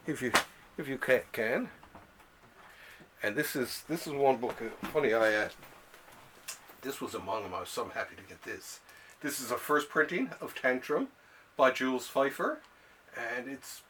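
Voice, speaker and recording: A man's voice: mid-range voice, big pitch swings, moderate pace, pauses often, pushed and bright, a little hiss or hum. Chatty man rambling about comic books. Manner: rambling, laughs often, many restarts. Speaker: show host. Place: home library room.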